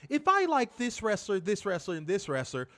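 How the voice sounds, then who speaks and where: A man's voice: sits high, moderate pace. A man co-hosting a wrestling review show, reading comments and ranting casually with plenty of profanity. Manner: animated, profane, laughing rants.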